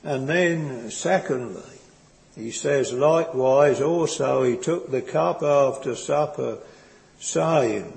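A man preaching a sermon in a slow, earnest and tender way, often pausing and restarting his phrases. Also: medium pitch, creaky, a little mellow. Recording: long hall reverb.

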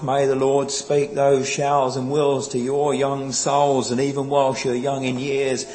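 A man preaching a sermon in a slow, earnest, pleading way, quoting old scripture. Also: medium pitch, a little mellow, rough recording.

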